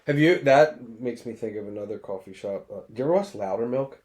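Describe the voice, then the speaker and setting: A man's voice: mid-range voice, lively intonation, fast talker, a little mellow. A man co-hosting a podcast in casual chat, easygoing as he retells comedy scenes. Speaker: podcast co-host.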